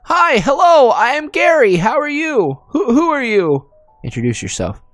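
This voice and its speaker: A man voicing an excitable little male goblin who stammers and mangles his grammar in a high, squeaky voice. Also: normal speed, no echo, soft background music, heavily acted.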